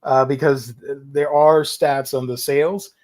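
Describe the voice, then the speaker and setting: A man's voice: medium pitch, steady tone, unhurried, a little mellow. A man chatting as a guest about comic movies and books, explaining at length with many fillers. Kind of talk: casual chat.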